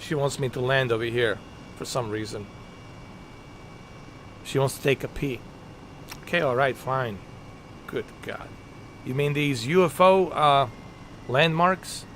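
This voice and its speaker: A man's voice: medium pitch, unhurried, pauses often, a bit bright, a little hiss or hum. A man livestreaming a flight game, rambling in an exasperated, joking way and muttering asides under his breath. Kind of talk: casual gaming commentary.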